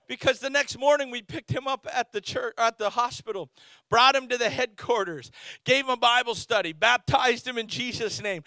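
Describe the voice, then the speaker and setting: A man's voice: extremely high pitch, creaky, pushed and bright, no room sound. A man preaching a storytelling sermon as a missionary, with frequent restarts and exclamations. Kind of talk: Pentecostal-style sermon.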